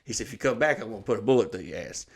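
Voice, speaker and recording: A man's voice: lowish voice, expressive, very fast, creaky, slightly rough. A man, telling stories in a rambling, profane, laid-back way as co-host of a casual chat. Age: 30s. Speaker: podcast co-host.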